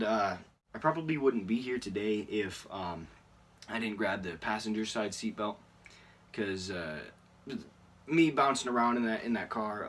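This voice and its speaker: A teenage YouTuber rambles through a casual Q&A vlog in a slightly low, somewhat bright, slightly rough voice. He fills gaps with plenty of ums and uhs and laughs at his own stories, sounding a bit distant from the mic.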